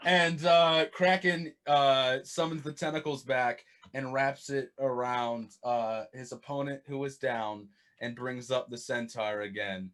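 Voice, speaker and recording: A man playing a tabletop game, describing his character's actions in a chatty, halting way. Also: mid-range voice, fairly even intonation, fairly bright tone. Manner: chatty, halting, full of fillers. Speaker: player. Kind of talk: casual tabletop play.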